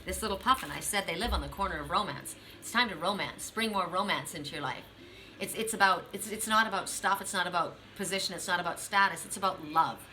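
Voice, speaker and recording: Middle aged lady doing an oracle card reading, bright voice, earnest and repeats herself a lot, talks right at you. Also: lowish voice, fast talker, a little hiss or hum, low-quality recording. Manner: earnest, repetitive, affirming, addresses the listener directly. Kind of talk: spiritual card reading to viewers.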